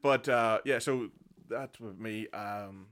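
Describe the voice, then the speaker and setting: A man's voice: lowish voice, slow, fairly bright tone. A man in his thirties with a South Armagh accent, a podcast guest chatting casually with dry, self-deprecating humour. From South Armagh, Northern Ireland.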